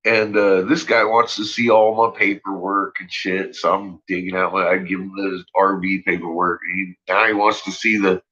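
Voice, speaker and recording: A man's voice: low voice, level tone, moderate pace, hardly any pauses, bright, forceful tone. A man telling a story in a casual, profane way, swearing freely and trailing off with fillers. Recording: dull lo-fi recording.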